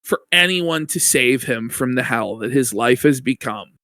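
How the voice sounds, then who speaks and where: A man co-hosting a stream, loudly mocking a video clip with excitable, swearing commentary and mock sobbing. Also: mid-range voice, a little slow, no room sound, clean studio sound. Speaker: stream co-host.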